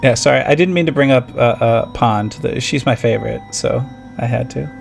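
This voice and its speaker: A man's voice: medium pitch, normal speed, gravelly, soft background music. A man playing a tabletop game, talking in a casual, rambling and reflective way during a break. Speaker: player.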